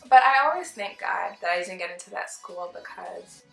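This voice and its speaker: Young woman, vlogger, storytime, chatty, animated, bright voice, roomy sound. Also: lowish voice, moderate pace, vocal fry. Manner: chatty and animated, acts out the people she quotes. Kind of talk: casual storytime. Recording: roomy with faint background music.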